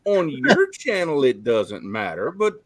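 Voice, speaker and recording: A man's voice: mid-range voice, wildly swooping pitch, a little slow, dry recording. A man chatting casually on a live open mic stream, telling stories in an easygoing drawl.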